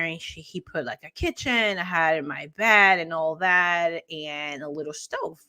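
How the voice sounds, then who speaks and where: A woman's voice: low voice, unhurried, few pauses, pushed and bright, clear, resonant tone. A woman co-hosting a casual morning talk show over a video call. She tells a long personal story, laughs often and acts out the other people in it. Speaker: co-host.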